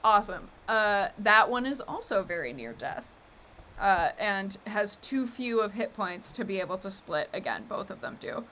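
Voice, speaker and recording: A woman's voice: mid-range voice, animated, normal speed, sharp tone, slight background noise. A woman running a live tabletop game as game master, narrating in an easygoing way with frequent laughs and fillers.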